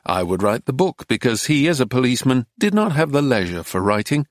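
Man, audiobook narrator, measured and understated, middle pitch, dry close-miked sound. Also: sing-song, no echo.

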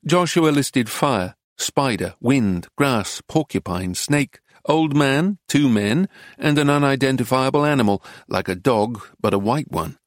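Measured male audiobook narrator, dry sound. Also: mid-range voice, expressive, no room sound. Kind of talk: scripted narration.

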